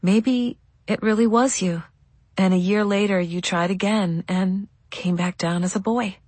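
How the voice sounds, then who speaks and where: A woman playing a weary, tender young mother who speaks softly and sadly to her child. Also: mid-range voice, fairly even intonation, measured pace, slightly rough, dry recording. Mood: sorrowful. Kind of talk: audiobook dialogue.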